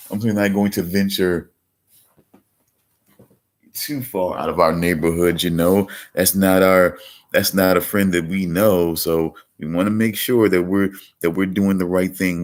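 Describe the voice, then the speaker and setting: A deep-voiced man hosting a casual livestream. He rambles along, restarting sentences and repeating words such as "certainly" as he talks to his viewers. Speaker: livestream host.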